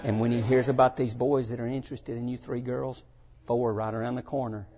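An older man preaching a folksy sermon to young people, swinging between shouted points and hushed asides. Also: medium pitch, level tone, a little fast. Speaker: pastor. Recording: dull lo-fi sound.

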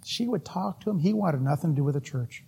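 Brief: animated male preacher, husky tone, storytelling sermon. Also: on the high side, fast talker.

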